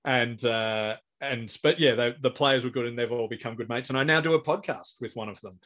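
A man's voice: medium pitch, a little fast, fairly bright tone. A man in his forties with an Australian accent, telling anecdotes as a comedian guest in a casual interview, restarting his sentences often. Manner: rambling anecdotal storyteller with many restarts.

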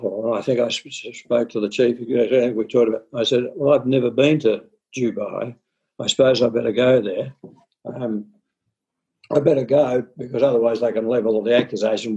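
An older man being interviewed, telling stories from his time running cricket, halting and full of restarts. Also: medium pitch, darkish tone, slightly rough, dull audio. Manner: halting, with many restarts and fillers. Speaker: interviewee, former cricket administrator. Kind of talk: anecdotal storytelling in interview.

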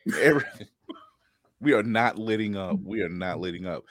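A middle-aged man hosting a casual podcast chat, animated and laughing, acting out quotes in playful voices. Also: lowish voice, fairly quick, no echo. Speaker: podcast host.

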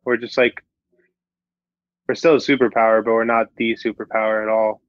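A man's voice: lowish voice, level tone, moderate pace, dry recording. Guy trailing off a lot, um like, dull dry audio. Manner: hesitant, lots of fillers and restarts. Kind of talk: casual chat.

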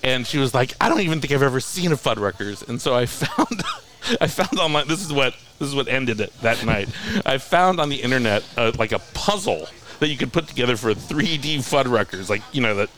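A man's voice: medium pitch, animated, normal speed, a bit bright. A man who is a guest author, telling wry, mocking stories in casual podcast chat and laughing often. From Coachella Valley, California.

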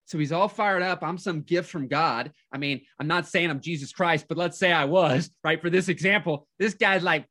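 A man who works as a life coach, giving an energetic motivational talk, telling a personal story with frequent restarts. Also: fairly high pitch, normal speed, hardly any pauses.

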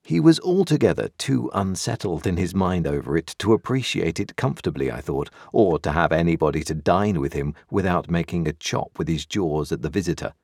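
A man narrating a classic novel with a very deep voice and a lively, shifting pitch. His delivery is measured and expressive. The recording is dry and close, with no room sound. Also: creaky, dry recording. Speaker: audiobook reader.

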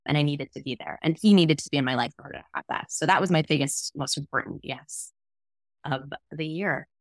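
Young woman cohost, earnest and heartfelt, a bit low, dry sound. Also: brisk, no room sound. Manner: earnest, emotional storytelling. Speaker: podcast co-host. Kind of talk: casual chat.

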